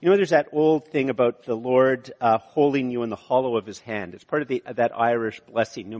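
A man's voice: medium pitch, fairly quick, darkish tone. A man preaching a sermon, explaining the text in a conversational way with frequent fillers. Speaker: pastor. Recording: lo-fi reverberant hall.

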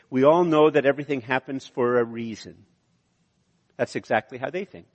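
A man preaching a sermon, explaining the text in a conversational way with frequent fillers. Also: medium pitch. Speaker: pastor. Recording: lo-fi reverberant hall.

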